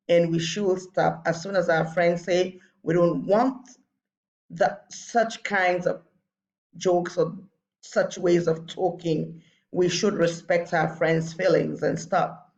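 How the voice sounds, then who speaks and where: A woman's voice: lowish voice, darkish tone, highs cut off. A woman teacher giving a recorded lesson to children, patiently repeating her points.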